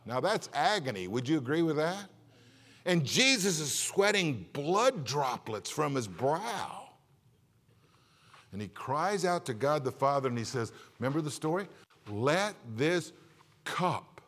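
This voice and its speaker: Man, Baptist pastor, sermon, impassioned, rhetorical questions, high voice, long hall reverb. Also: big pitch swings, a little slow, a bit bright.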